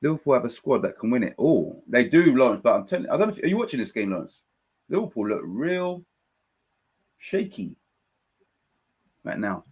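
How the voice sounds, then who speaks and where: A man hosting a live football watchalong, commenting on play and reading out viewers' chat messages in an excitable, chatty way. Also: mid-range voice, moderate pace, long pauses, slightly rough. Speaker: watchalong host.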